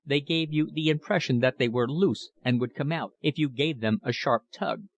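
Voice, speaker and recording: A man narrating an audiobook of a classic novel in a measured, even reading. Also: mid-range voice, gravelly, no room sound, lo-fi sound. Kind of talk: scripted narration.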